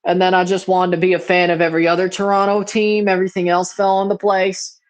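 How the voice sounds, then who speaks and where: A high voice delivered completely flat and fast belongs to a 21-year-old Mississippi man hosting a livestream watchalong. With an accent near Southern American, he calls plays and rambles bluntly in casual slang.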